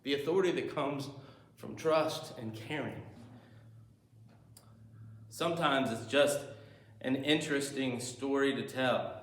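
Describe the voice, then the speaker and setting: A man's voice: mid-range voice, fairly bright tone. A male pastor preaching a sermon in a church, telling stories and acting out movie scenes as he goes. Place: church sanctuary. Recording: echoey church room.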